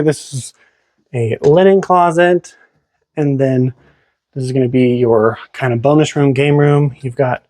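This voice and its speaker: A realtor with a slightly higher-than-average, somewhat mellow voice leads a casual tour of a house, walking room to room. Recorded on a handheld camera, he narrates chattily and exclaims over the home's features.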